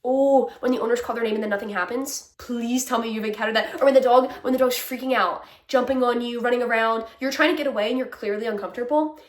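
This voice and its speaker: A woman's voice: a little high, quick pace, few pauses, distant mic. Exasperated young woman ranting. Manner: candid, exasperated, laughing, swearing freely. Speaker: vlogger. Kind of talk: casual ranting monologue. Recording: echoey room.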